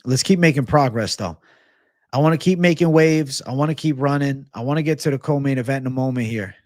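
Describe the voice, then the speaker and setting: A man's voice: mid-range voice, fairly quick, darkish tone, no room sound, studio quality. Brash, cursing fight-betting streamer man. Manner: brash, profane, hyped. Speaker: MMA betting livestream host. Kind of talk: livestream fight predictions.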